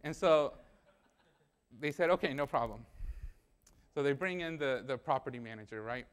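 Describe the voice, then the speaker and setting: A man's voice: medium pitch, moderate pace, clear, resonant tone. A young man preaching a sermon in a church, telling a personal story in a conversational way and acting out the dialogue.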